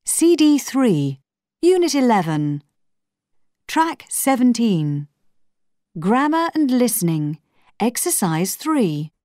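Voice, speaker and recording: A woman clearly announcing tracks and exercises for a textbook audio course. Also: a little high, big pitch swings, slow, pauses often, darkish tone, no room sound, clean studio sound. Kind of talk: reading track and exercise cues.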